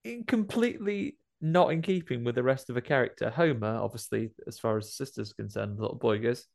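A man's voice: mid-range voice, brisk, creaky, a little mellow. A man chatting casually about a film, jokily acting out the characters' lines. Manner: jokey, playfully acts out film characters' lines.

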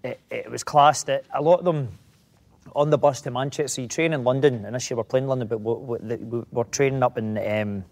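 A middle-aged Scottish actor, a guest in a casual interview, rambling through anecdotes with many restarts. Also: male voice, mid-range voice, steady tone, fairly quick, a little mellow.

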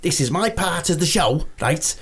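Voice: mid-range voice, lively intonation, moderate pace, fairly bright tone, breathy edge, full character voice. A performer playing a foul-mouthed, volatile male psychic medium who swears constantly and snaps into sudden rages, a guest in an improvised comedy podcast. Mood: ranting.

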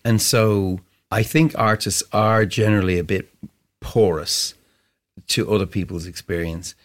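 A man's voice: fairly low pitch, fairly even intonation, a little slow. A man, a musician guest in an interview, talking reflectively and searching for words with frequent restarts. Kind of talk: casual interview conversation.

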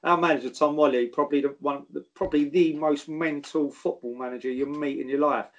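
Animated South London man telling stories. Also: a little high, a little fast, dull audio. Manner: animated, swears, mimics others in stories. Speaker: guest, former footballer. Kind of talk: casual storytelling chat.

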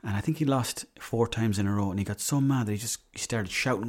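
Chatty Irish man, low voice. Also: rapid-fire, hardly any pauses, darkish tone. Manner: chatty, swears freely, rambling anecdotes. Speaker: podcast host. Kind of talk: casual solo podcast monologue.

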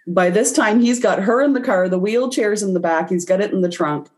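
A woman's voice: mid-range voice, fairly quick, darkish tone. A woman guest in an interview, telling a personal story and acting out her own reactions as she goes. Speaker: guest, intuitive reader.

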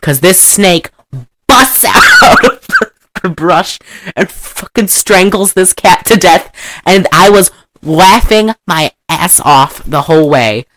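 This woman speaks slowly in a lowish voice over a slight hiss or hum. As a podcast host recapping a film in a casual chat, she rambles animatedly, breaking into loud laughter and mock accents.

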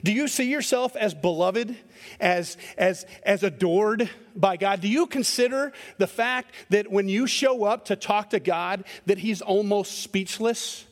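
Middle-aged pastor preaching in a reverberant hall. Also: male voice, high-pitched, measured pace. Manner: conversational and self-deprecating, acting out voices in stories. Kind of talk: sermon with storytelling. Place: church sanctuary.

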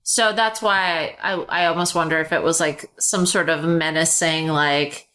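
A woman's voice: sits low, steady tone, unhurried, bright, forceful tone. A woman chatting casually as a podcast co-host, wry and teasing. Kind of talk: casual chat.

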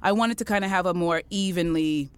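A woman's voice: fairly low pitch, a little fast, clean tone. A woman podcast host and author, a guest in a casual chat, telling stories candidly and swearing freely. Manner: candid, animated storyteller who swears freely.

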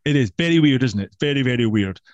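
A man, a guest telling a history story in a lively, playful and emphatic way. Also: mid-range voice, fast, no echo, dull audio.

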